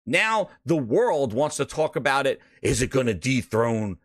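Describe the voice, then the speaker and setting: A man with a New York accent, hosting a casual gaming show, with hype-man shouting and loose, rambling talk that repeats itself. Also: mid-range voice, very animated, measured pace, dry recording, clean studio sound. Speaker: podcast host.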